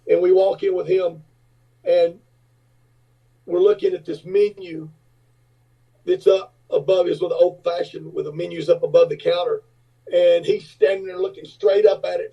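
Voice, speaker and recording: A man's voice: high-pitched, slightly rough, far from the mic. A man in his fifties, a rock singer and businessman, telling rambling anecdotes with lots of fillers as a podcast guest. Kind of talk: casual storytelling. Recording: dull lo-fi audio.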